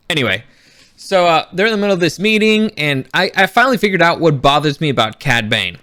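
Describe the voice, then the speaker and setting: A man giving a casual, rambling review, sarcastic and quick to act out characters' lines. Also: fairly high pitch, bright, forceful tone, no room sound. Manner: frequent restarts and fillers, swears when annoyed. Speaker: YouTube reviewer.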